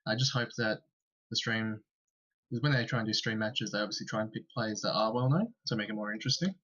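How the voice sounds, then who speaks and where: A man's voice: fairly low pitch, quick pace, a bit bright. An Australian man co-hosting a podcast, giving blunt opinions in a casual discussion. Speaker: podcast co-host. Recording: dull lo-fi podcast mic.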